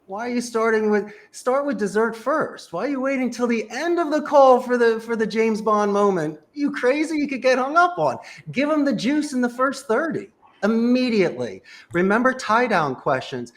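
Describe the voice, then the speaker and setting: Animated high-voiced man coaching sales. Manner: emphatic, punchy, coaching. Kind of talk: energetic advice in a panel chat.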